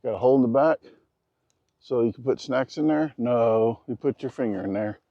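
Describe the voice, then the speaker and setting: A man talking casually to camera while building outdoors, rambling and cracking jokes, keeping his naturally loud voice down. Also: mid-range voice, normal speed, gravelly, no echo, muffled recording. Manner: joking, rambling, self-deprecating asides. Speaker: vlogger. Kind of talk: casual vlog talk to camera. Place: outdoors at a backyard building site. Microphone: action camera.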